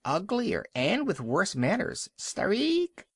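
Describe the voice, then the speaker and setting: A man's voice: sits high, wildly swooping pitch, slow, husky, no room sound, clean studio sound, pitched above the performer's own voice, heavily acted. A man voicing a rude, mocking seagull in a storybook reading, shrieking shrilly.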